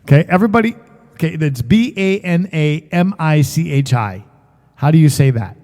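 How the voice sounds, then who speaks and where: A man's voice: on the high side, lively intonation, normal speed, a little mellow, in a large hall. A man hosting a casual music livestream, chatting and joking with viewers and greeting them by name. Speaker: musician and livestream show host.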